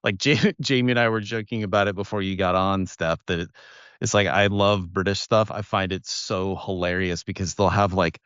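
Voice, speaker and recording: A man's voice: deep voice, steady tone, normal speed, a bit bright, clean tone, no echo, muffled recording. A man co-hosting a podcast, chatting in a jokey, easygoing way about film and culture. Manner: chatty, jokey, mimics accents in asides. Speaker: podcast co-host. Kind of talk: casual film discussion.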